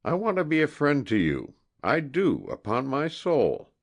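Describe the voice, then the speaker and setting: A man's voice: mid-range voice, wildly swooping pitch, measured pace, gravelly, voice pushed up, full character voice. A man voicing a jealous, volatile hunter. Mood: pleading. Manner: pleading, then savage and threatening. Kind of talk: audiobook character reading.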